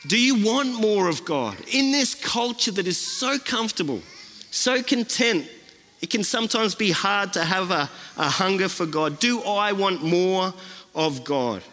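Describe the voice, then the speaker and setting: A man's voice: sits high, expressive, a little slow, bright, forceful tone. A man preaching a sermon as a guest speaker, earnest and repeating phrases for emphasis. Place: church. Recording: long church reverb.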